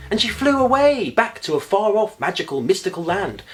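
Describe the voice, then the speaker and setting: A man narrating a bedtime story in a playful, expressive way, with comic asides. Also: high-pitched, fairly quick, few pauses, soft background music.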